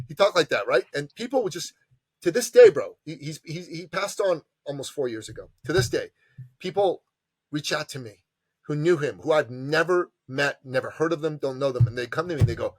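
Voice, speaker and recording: A man, an entrepreneur advisor and podcast guest, telling stories with passion and emphasis and acting out quotes in lively voices. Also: a little high, a little fast, slightly rough, no room sound. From immigrant to Canada from a tyrannical country. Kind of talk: animated storytelling interview.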